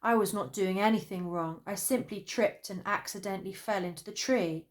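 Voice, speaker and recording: A woman voicing a boastful, hot-tempered male grizzly bear in a children's storybook reading, loud and blustering. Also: moderate pace, lightly acted. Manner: loud, blustering, cries out in high panic.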